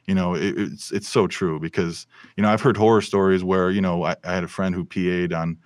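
A man's voice: low-pitched, a little fast, dry recording. A man, a film and television sound mixer, telling stories animatedly in a casual podcast interview. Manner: animated storyteller with many fillers and restarts.

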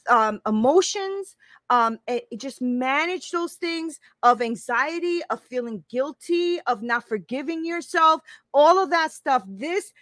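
High, bright-voiced woman in her fifties. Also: no room sound. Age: 50s. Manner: emphatic, repeats phrases, keeps asking "right?". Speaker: life coach hosting a live stream. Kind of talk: casual motivational live-stream talk.

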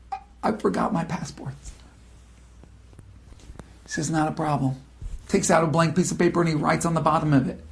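High, gravelly dramatic storyteller man. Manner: dramatic, building to emotional peaks. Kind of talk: inspirational story retelling.

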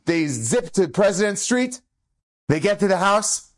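Male rabbi, storyteller, animated delivery, inspirational tale, acts out voices. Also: high-pitched, measured pace. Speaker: rabbi and educator.

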